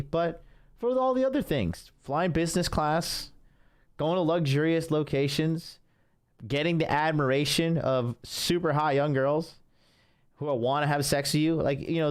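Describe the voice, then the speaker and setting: A man hosting a podcast, giving blunt, boastful commentary. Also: a little high. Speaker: podcast host. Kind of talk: casual commentary.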